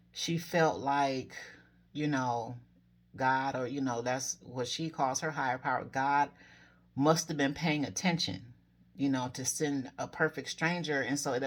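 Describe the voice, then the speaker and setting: A woman in her forties telling personal spiritual stories to her viewers in a casual, earnest way, often correcting herself mid-story and giving encouraging advice. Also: very deep voice. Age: 40s. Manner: encouraging advice to fellow dreamers. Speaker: spiritual vlogger.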